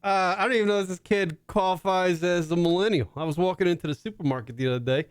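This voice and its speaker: A man's voice: sits high, fast talker, slight background noise. A man in his thirties co-hosting a comedy podcast, telling stories casually with lots of swearing. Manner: profane, animated storytelling. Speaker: podcast co-host.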